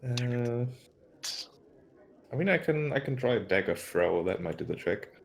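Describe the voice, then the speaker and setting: A man talking as a player in a tabletop game, relaxed and planning his moves aloud. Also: mid-range voice, unhurried, gravelly. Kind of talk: casual tabletop game talk.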